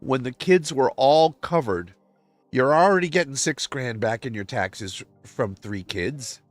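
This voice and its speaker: A man's voice: mid-range voice, expressive, a little slow, no echo, soft background music. Upset man venting on a livestream. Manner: impassioned and venting, swinging between quiet and loud. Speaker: livestream host. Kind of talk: emotional personal monologue.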